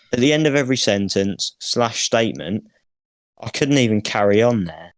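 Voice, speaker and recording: A man with a low, monotone voice co-hosts a casual podcast. He reads aloud in a deadpan, joking way and swears offhandedly. The sound is dry and close. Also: moderate pace, no echo. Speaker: podcast co-host. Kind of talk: casual chat, reading fan mail aloud.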